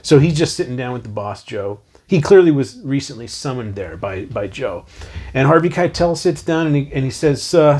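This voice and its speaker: Husky and medium-pitched, this forty-something man talks at a normal pace while co-hosting a laid-back movie review show. He gets animated and excited, quoting the lines he loves from the film.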